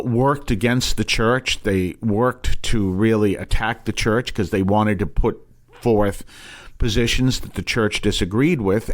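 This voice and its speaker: A man, a priest hosting a broadcast, teaching in a rambling, emphatic way with many restarts and asides. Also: lowish voice. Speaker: priest and show host.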